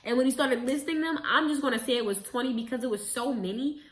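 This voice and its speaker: A young adult woman casually retelling a story as a vlogger, chatty and animated, with quick self-corrections. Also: high-pitched. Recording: roomy echo.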